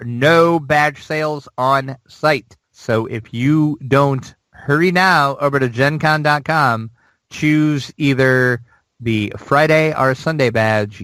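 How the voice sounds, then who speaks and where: A man co-hosting a gaming news show, talking in a loose, rambling way full of "like" and "you know". His voice sits at an ordinary middle pitch. The sound is dry and close, with no room around it. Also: fairly bright tone, no room sound, low-quality recording. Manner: chatty, rambling, lots of fillers. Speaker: podcast co-host. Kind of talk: casual news chat.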